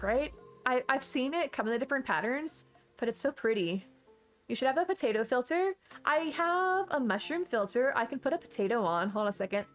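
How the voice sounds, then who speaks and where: Bubbly chatty woman streamer, high voice. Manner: bubbly, chatty, gasps and exclaims often. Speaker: live streamer. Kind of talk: casual gaming stream chat.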